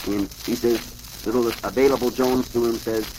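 A man's voice: mid-range voice, steady tone, normal speed, darkish tone, a little hiss or hum, poor audio. A man hosting a show who reads comic strips aloud to children, chatty and chuckling, with asides to his listeners. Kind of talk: lively read-aloud of funny papers.

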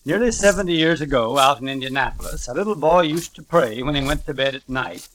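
A man's voice: fairly high pitch, big pitch swings, a little fast, hardly any pauses, fairly bright tone, slight background noise, poor audio. Emphatic man telling radio stories. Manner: emphatic, theatrical delivery. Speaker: radio storyteller. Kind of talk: dramatic radio storytelling.

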